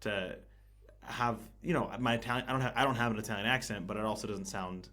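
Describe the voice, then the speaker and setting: Low-voiced man, halting casual talk. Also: pushed and bright. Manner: hesitant, many restarts and fillers, laughs easily. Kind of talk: casual conversation. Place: living in Italy.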